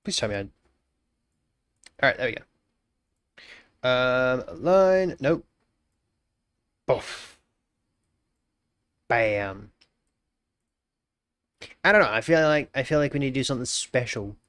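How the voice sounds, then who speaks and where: A man's voice: medium pitch, lively intonation, normal speed, pauses often, a bit bright, clear, resonant tone, no echo. An Australian man live-streaming, casually greeting chatters and thinking aloud while he works, often repeating his phrases.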